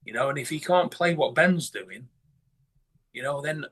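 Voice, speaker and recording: A man's voice: a little high, lively intonation, normal speed, fairly bright tone, husky. A man from northern England talking bluntly in a casual interview, swearing a lot and restarting his sentences. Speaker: guest musician.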